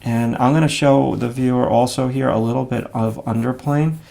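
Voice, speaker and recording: A man's voice: mid-range voice, steady tone, moderate pace, creaky, warm tone. A man giving a live drawing lesson, talking casually and thinking aloud as he sketches, with frequent fillers. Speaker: drawing instructor.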